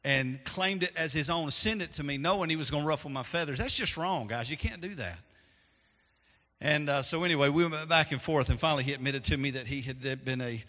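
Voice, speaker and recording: A man preaching a sermon as pastor, swinging from loud to hushed, in a church sanctuary. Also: medium pitch. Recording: long hall reverb.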